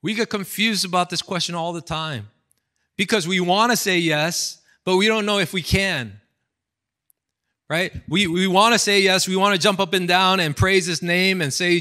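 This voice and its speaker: A pastor speaking at a youth seminar in a casual, chatty way, repeating words, using fillers and acting out stories. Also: male voice, high-pitched, a little slow, sharp tone. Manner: storytelling, acts out quotes.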